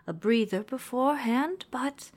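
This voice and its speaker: A woman doing a soft, halting shopkeeper. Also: on the high side, lightly acted. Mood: helpful. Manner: soft, halting speech full of fillers. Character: friendly female shopkeeper, eager and a bit scattered.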